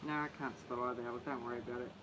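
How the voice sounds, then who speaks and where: A man's voice: mid-range voice, fairly even intonation, rapid-fire, background noise. A man co-hosting a livestream, chatting and reading out viewer comments. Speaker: livestream co-host. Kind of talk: casual chat with viewers.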